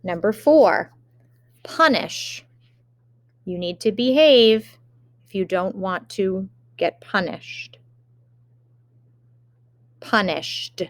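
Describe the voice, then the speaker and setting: A woman teacher giving a remote spelling lesson, dictating words slowly and carefully with example sentences. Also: mid-range voice, expressive, no echo.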